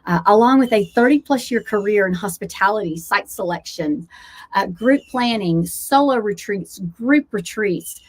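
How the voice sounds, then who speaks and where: A woman's voice: medium pitch, lively intonation, moderate pace. A woman with a Southern American accent speaks as a wellness coach and travel host. She talks earnestly and encouragingly, in a casual vlog manner with many fillers. She records outdoors, with aircraft passing overhead. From United States, Blue Ridge foothills. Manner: earnest, motivational, with frequent fillers. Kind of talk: casual talking-head vlog.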